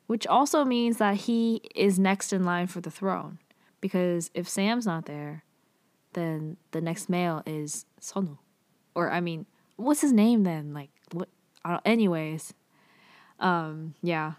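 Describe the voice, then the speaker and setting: A woman's voice: lowish voice, unhurried, darkish tone, no echo. Chatty woman recapping a drama, dry sound. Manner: chatty, frequent "like" and "um" fillers, offhand asides. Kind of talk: casual plot recap.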